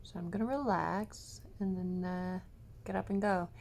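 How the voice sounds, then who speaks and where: A woman's voice: on the low side, fairly even intonation, normal speed, gravelly, a little mellow, a little hiss or hum. Chatty woman vlogging casually. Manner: chatty, rambling, with restarts and laughs. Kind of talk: casual vlog chat to camera.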